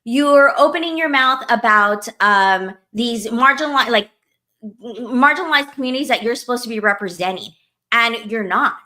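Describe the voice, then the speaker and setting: A woman with a bright, slightly high voice rants in a casual podcast chat. She is heated and profane and leans on "like" all the time. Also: normal speed. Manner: heated, profane, lots of "like" fillers. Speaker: podcast co-host.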